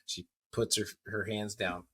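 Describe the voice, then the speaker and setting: A man's voice: fairly low pitch, flat delivery, unhurried, fairly bright tone, breathy edge. A young man co-hosting a podcast, chatting casually and retelling little home moments vividly. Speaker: podcast co-host. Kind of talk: casual chat.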